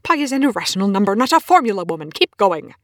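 A sharp-tongued, impatient male scientist from a read-aloud story, voiced by a woman. He snaps and barks his lines in a husky voice that jumps all over in pitch. It sounds close and dry. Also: lively intonation, brisk, dry recording. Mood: snapping. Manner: snapping, sarcastic, forceful.

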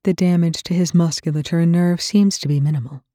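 A woman's voice: on the low side, steady tone, fairly quick, mellow, no room sound, clean studio sound, voice pushed up, close to an everyday voice. A woman voicing a stern, tired female medic who speaks firmly and matter-of-factly. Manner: firm, matter-of-fact.

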